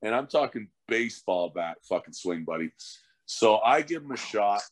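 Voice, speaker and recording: A man's voice: fairly low pitch, moderate pace, dry recording. A middle-aged man, a former hockey fighter turned coach, telling stories in a casual, profane podcast chat. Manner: profane, animated storyteller.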